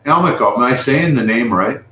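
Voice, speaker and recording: A man's voice: medium pitch, lively intonation, a little fast, sharp tone. A man hosting a casual live stream, rambling with restarts and calling out to viewers. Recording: echoey room with faint noise.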